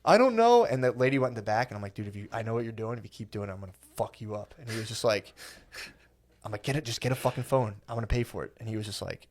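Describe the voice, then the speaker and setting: A young man telling a profane, animated comedy story on a podcast, acting out the quoted lines. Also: fairly low pitch, very fast. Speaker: podcast guest.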